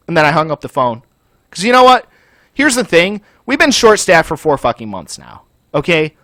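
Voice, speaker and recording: Fairly high-pitched and quick, with lively intonation and no echo, a man hosting a gaming channel yells a furious rant over gameplay. His speech is laced with constant profanity.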